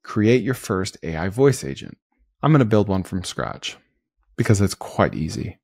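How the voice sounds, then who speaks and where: Upbeat guy talking thru a screen tutorial, lowish voice, dry close sound. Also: very animated, moderate pace, vocal fry, darkish tone, breathy edge, dry recording. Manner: upbeat, talks through each click. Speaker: host. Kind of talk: screen-recorded tutorial narration.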